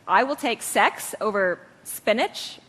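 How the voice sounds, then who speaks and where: A woman's voice: mid-range voice, animated, slow pace, big-room sound, noisy background. A woman physician explaining medical procedures matter-of-factly in a stage talk.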